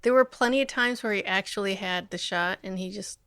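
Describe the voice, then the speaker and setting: A woman's voice: mid-range voice, fairly quick, a bit bright, clean tone, dry recording, clean studio sound. A woman hosting a podcast in casual chat, with blunt, wry asides. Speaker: podcast host.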